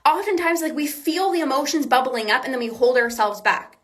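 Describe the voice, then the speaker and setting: A woman's high, fairly bright voice moves a little fast with lively intonation as she hosts a coaching podcast on binge eating. Her motivational talk is earnest and reassuring, with repeated key points and self-talk she plays out in quotes.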